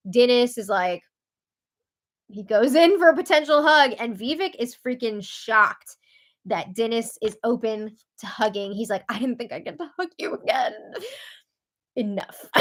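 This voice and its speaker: A woman's voice: medium pitch, fairly bright tone. A woman hosting a casual reality TV recap, chatty and opinionated as she reads out quotes. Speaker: recap show host.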